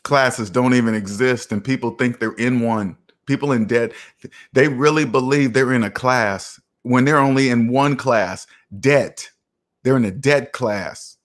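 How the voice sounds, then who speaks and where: A man hosts a finance livestream in a mid-pitched voice. He preaches in an emphatic way and hammers his points home by saying them again. He speaks casually while he reads and answers viewer comments. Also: measured pace. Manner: preachy, emphatic, repeats himself for effect. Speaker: finance channel host. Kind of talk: livestream commentary reading chat.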